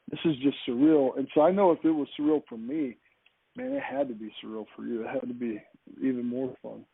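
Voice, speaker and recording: A man with a gravelly, husky, mid-range voice eagerly tells an anecdote on a podcast, frequently restarting his sentences. He is heard over a call line, and the tinny, phone-like audio has no room sound.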